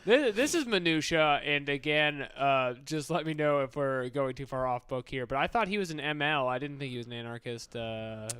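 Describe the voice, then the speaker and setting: Man, higher bright voice, wry joking podcast guest, quick asides. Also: smooth, no room sound, studio quality. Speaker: podcast co-host. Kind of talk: casual comedic podcast chat.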